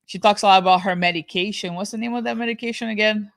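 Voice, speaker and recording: A woman's voice: medium pitch, fairly even intonation, fast, vocal fry, no room sound, studio quality. Chatty woman co-hosting a podcast. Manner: chatty, with many restarts and fillers. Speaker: podcast co-host. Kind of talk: casual reaction chat.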